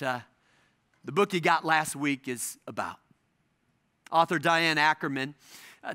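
Bright, high-pitched male preacher. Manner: emphatic repetition with dramatic pauses. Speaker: pastor. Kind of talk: sermon.

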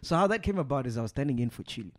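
A man hosting a podcast, telling stories in a loose, swearing, animated way. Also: mid-range voice, racing. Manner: animated, swears freely, acts out voices. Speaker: podcast host. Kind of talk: casual storytelling chat.

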